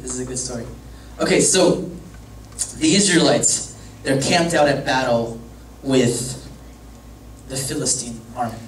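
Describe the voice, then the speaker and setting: Young man, youth pastor, casual joking sermon, echoey room, distant mic, faint hum. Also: medium pitch. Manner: casual, joking, rambling storytelling.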